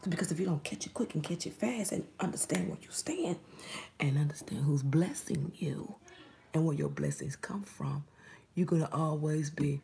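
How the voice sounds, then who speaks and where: A woman's voice: low-pitched, sing-song, moderate pace, gravelly, darkish tone, a little hiss or hum. A woman giving a spiritual reading straight to the listener, preachy and often dropping into a whisper. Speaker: psychic reader.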